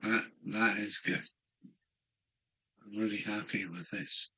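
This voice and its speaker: Slow, bright-voiced older Englishman musing. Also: fairly low pitch, steady tone, husky, rough recording. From England. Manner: musing aloud to himself, unhurried. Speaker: model railway streamer. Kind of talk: rambling live-stream chat. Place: home hobby room.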